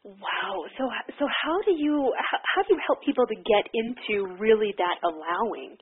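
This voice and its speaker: A woman's voice: a little high, big pitch swings, normal speed, slightly rough. A woman interviewer asking curious, exclamatory questions. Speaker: interviewer, host. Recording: phone-like line with faint noise.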